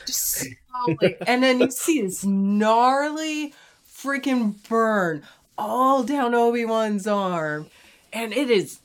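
A woman in casual chat as a podcast co-host, gushing and quick to laugh. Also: a little high, animated. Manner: slow, gushing, laughs easily.

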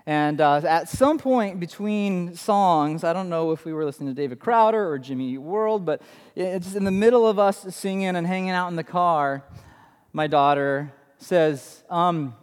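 A man in his thirties preaching a sermon as pastor, telling stories in an animated way in a church sanctuary. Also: on the high side, normal speed, smooth. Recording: long hall reverb.

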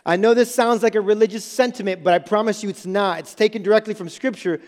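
A man's voice: sits high, steady tone, quick pace, darkish tone. A male pastor preaching a sermon in a church, emphatic, repeating key phrases and checking in with the congregation. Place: church sanctuary. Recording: long reverb in a church hall with music.

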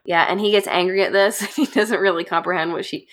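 A woman host casually retelling a dark fairy tale to friends, chatty and animated. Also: on the low side, fairly quick. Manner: chatty, animated, laughs often. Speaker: podcast host.

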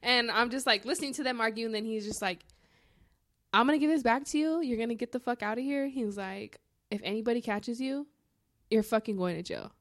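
A woman co-hosting a podcast, telling a story in a casual, profane, animated way. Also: on the high side, fairly quick, no room sound. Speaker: podcast co-host.

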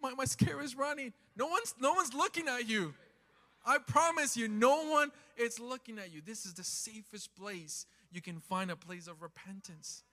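A man preaching a sermon in a church, impassioned, swinging from loud calls to quiet talk. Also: high voice, normal speed, in a large hall. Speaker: pastor. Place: church sanctuary.

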